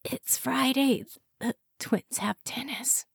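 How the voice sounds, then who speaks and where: A woman reading a story, voicing a hungover, hurt wife who croaks and pleads in a hoarse voice. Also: sits high, takes it slowly, dry recording, studio quality, pitched above the performer's own voice, heavily acted. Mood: weak.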